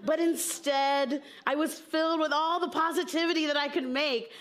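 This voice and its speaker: A woman's voice: sits high, fairly even intonation, moderate pace. A woman comedian from the southern United States, telling playful stories on stage before a live audience. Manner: playful, storytelling with jokes. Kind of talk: stand-up talk on stage.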